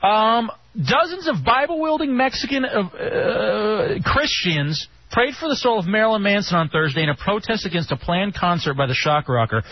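A man hosting a casual radio talk show, joking and animated. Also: normal speed, no room sound. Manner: animated, joking, jumping pitch. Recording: dull lo-fi broadcast with faint hiss.

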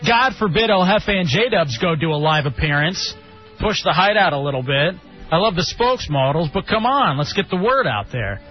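A man's voice: high voice, normal speed, breathy edge. A man co-hosting a radio talk show, mockingly reading aloud a promo sheet about the show. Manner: animated, mocking, reads aloud with sarcasm. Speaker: radio co-host. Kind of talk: casual radio banter. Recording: lo-fi radio broadcast with faint music.

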